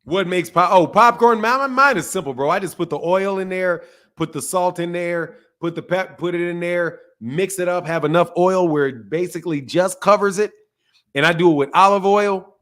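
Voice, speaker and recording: Man, fairly high voice, boxing channel host, casual livestream chat, slangy, joking. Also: normal speed, fairly bright tone. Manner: loose, joking, slangy, laughs a lot.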